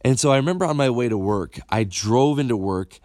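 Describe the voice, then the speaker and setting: A man in his thirties tells a personal story in a candid, animated way, swearing freely and tripping over repeated words as he goes. His voice sits at an ordinary middle pitch. It is recorded close and dry, with no room sound around it. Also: fairly quick, no room sound. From upstate New York. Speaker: motivational speaker.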